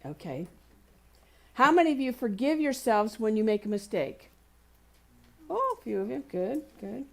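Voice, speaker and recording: In a community center hall, a woman leads a spiritual community service with a chatty sermon built on everyday stories. Her slightly high voice has vocal fry and moves at a normal speed, and she's very animated, laughing warmly and quoting people in playful voices.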